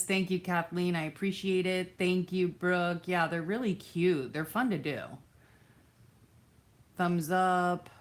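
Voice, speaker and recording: A woman with a fairly low, slightly bright voice hosts a casual craft livestream, thanking viewers by name and answering their comments. She's easily distracted, chatting loosely with many fillers and restarts, and sometimes drifts away from the mic.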